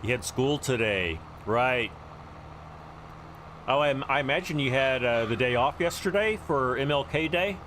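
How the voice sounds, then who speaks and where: A man's voice: mid-range voice, lively intonation, unhurried, fairly bright tone, a little hiss or hum. A man hosting a casual gameplay livestream, chatting to viewers and greeting them by name as he plays. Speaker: livestream host.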